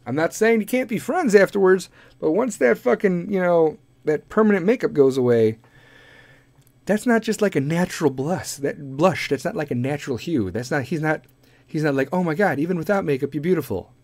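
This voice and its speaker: Man, podcast host, profane comedic rant, rambling, fairly high voice, dry sound. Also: lively intonation, moderate pace, darkish tone, no echo.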